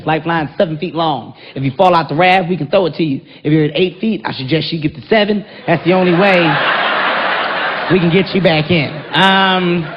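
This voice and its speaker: A man's voice: high voice, lightly acted. A man voicing a bossy female rafting guide who gives safety rules in curt, matter-of-fact instructions. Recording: dull, noisy live stage recording.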